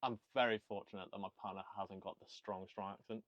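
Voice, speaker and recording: A young man hosting a podcast, chatting casually and laughing easily while gently teasing his guest. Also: fairly low pitch, steady tone, fast, dry recording, dull audio. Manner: laughs often, easygoing and friendly teasing. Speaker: podcast host.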